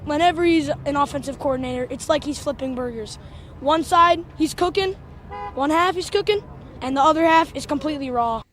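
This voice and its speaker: A woman venting blunt, frustrated opinions about her football team, getting loud at times. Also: high-pitched, brisk. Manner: frustrated, blunt, shouting at peaks. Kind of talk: ranting fan opinion.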